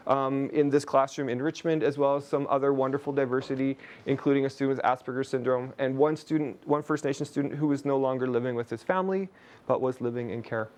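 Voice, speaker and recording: A man's voice: mid-range voice, fairly even intonation, fast talker, darkish tone. A man from Canada leading a teacher webinar on a video call, chatty, with jokey asides to his audience. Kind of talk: webinar presentation.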